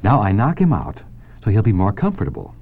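A man's voice: lowish voice, huge pitch swings, a little fast, exaggerated voice. A man doing a thin, pleasant spider lady. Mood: matter-of-fact. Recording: tinny phone-like line.

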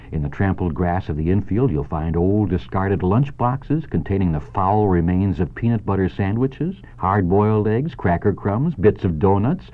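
A man reading aloud and voicing a knowing old sheep who coaxes and paints a tempting picture, over a tinny phone-like line. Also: low voice.

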